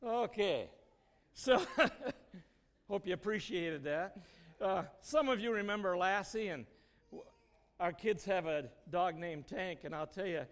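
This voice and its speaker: A man's voice: high voice, measured pace. Folksy man telling stories in a hall. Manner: folksy, storytelling, chuckles often. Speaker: church speaker. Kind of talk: informal sermon with personal stories.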